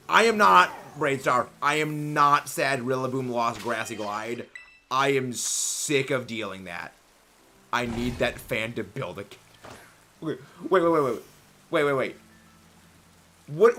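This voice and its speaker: Excitable bright-voiced young man streaming. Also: medium pitch. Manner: excitable, rambling, enthusiastic. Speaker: livestream host. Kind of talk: casual livestream chat, reading chat messages.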